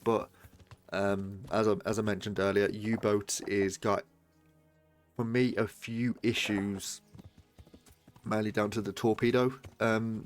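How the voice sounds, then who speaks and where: Rambling, sweary streamer guy. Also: on the low side. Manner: rambling, sweary, laughs easily. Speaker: game streamer. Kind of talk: casual live-stream chat.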